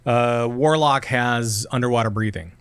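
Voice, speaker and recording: Smooth-voiced podcast co-host, dry close sound. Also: medium pitch, a little slow, dry recording. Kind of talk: casual gaming podcast chat.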